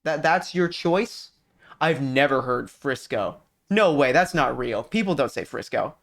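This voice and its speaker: A man from California, with a mid-range, creaky voice and a measured pace, chats casually on his stream while reading messages from viewers. He's animated and profane, rambling and frequently restarting what he's saying.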